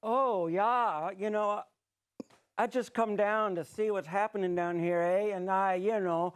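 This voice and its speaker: A man's voice: high-pitched, steady tone, a little slow, smooth. A man playing a tipsy little old Canadian man who slurs and keeps apologizing in an improv comedy scene. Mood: apologetic. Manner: slurring, rambling, keeps apologizing.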